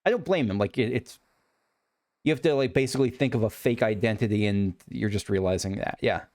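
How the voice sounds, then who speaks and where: A man's voice: lowish voice, fairly even intonation, fairly quick, a little mellow. A man hosting a let's play, reading game dialogue aloud and adding chatty, reflective asides full of filler words.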